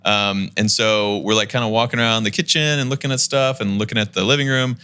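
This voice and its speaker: A man telling a long, lively story in a casual podcast chat, laughing as he goes and acting out the people in it. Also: lowish voice, fairly quick, clean tone. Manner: animated storyteller, laughs while talking, acts out the people in his story.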